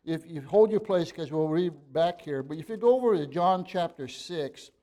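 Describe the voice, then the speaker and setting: Earnest man preaching, mellow voice. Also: on the high side, expressive, moderate pace. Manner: earnest, builds to emphatic bursts, frequent uh fillers and restarts. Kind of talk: evening sermon reading and expounding scripture.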